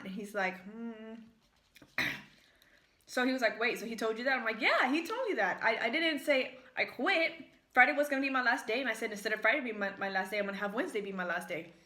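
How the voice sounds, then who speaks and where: Her voice is on the high side, bright and forceful, as this young American woman eats and talks through a casual mukbang in her home kitchen. She tells rambling stories with lots of fillers, recorded in an echoey room.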